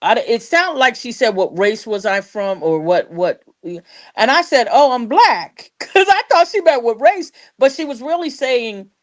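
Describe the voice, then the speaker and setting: A woman co-hosting a casual panel chat, telling stories in an animated way and acting out the other voices. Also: fairly high pitch, unhurried. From United States. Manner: animated storyteller, acts out quotes, laughs often. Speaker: co-host.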